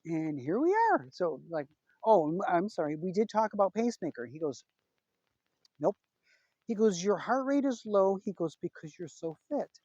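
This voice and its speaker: A woman's voice: on the low side, animated, normal speed, mellow, husky, no echo, highs cut off. A middle-aged woman vlogging a casual personal update, chatty and retelling a conversation with lots of "he goes".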